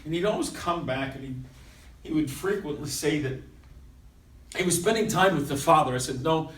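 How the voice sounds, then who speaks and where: A man performing a first-person dramatic monologue, swinging between loud urgency and hushed intensity. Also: a little high, animated, moderate pace. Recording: echoey room, voice from a distance.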